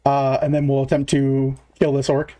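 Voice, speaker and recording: A man's voice: mid-range voice, completely flat delivery, moderate pace, warm tone. A man narrating as game master in a casual, filler-heavy way, counting moves aloud.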